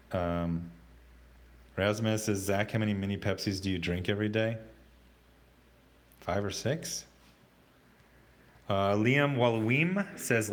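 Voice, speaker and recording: A man hosting a casual livestream, reading out chat comments in a rambling, halting way with many fillers and restarts. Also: lowish voice, fairly bright tone.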